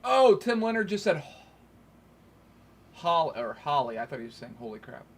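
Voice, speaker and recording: Brief: playful male co-host, slightly high voice, teasing, reads chat. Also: very animated, moderate pace, a little hiss or hum. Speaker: livestream co-host. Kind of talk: casual livestream chat.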